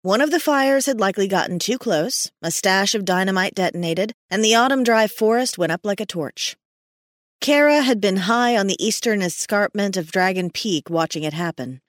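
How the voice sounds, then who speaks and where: In a dry, studio-quality recording, a woman of medium pitch narrates an audiobook. She tells the story at a steady, measured pace.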